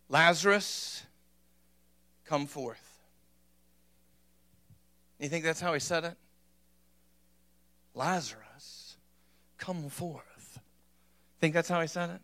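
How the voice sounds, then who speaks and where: A male pastor delivering a sermon. His voice sits high and bright, and he drives each point home emphatically, tossing questions to the congregation. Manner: emphatic, punctuates points with "amen?".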